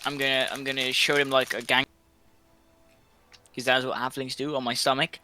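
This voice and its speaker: A man's voice: medium pitch, level tone, normal speed, sharp tone, faint music behind. A man playing a tabletop game, talking brashly with swearing and hesitant fillers. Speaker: player. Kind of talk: in-character tabletop play.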